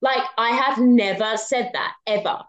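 A woman, a podcast guest, telling a personal story in a casual, animated way with some swearing. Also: a little high, unhurried, dull audio.

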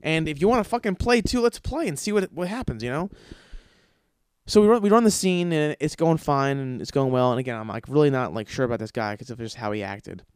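A podcast host with a mid-range, smooth, animated voice talks a little fast in clean studio sound with no echo. He tells a long story casually, rambling with plenty of swearing and fillers, and acts out the quoted lines of the people in it.

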